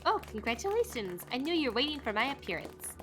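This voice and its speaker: A woman's voice: high voice, big pitch swings, fast talker, voice pushed up. Woman putting on a lilting British-accented nurse. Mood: teasing. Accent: put-on British. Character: young woman nurse, cryptic and teasing. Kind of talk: reading game dialogue aloud.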